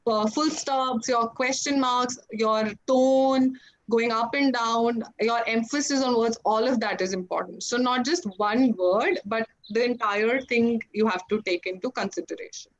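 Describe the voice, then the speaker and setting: A woman with an Indian English accent answering questions in an online workshop over a video call, lively and acting out example phrases. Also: fairly high pitch, measured pace. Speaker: workshop speaker. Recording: dull lo-fi call audio.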